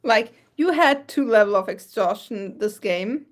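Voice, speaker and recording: A woman running a tabletop game as game master, describing scenes in a chatty, halting way. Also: mid-range voice, lively intonation.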